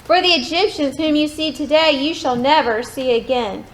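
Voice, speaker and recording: A woman reading scripture aloud in a steady, measured way. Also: high-pitched, poor audio. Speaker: scripture reader.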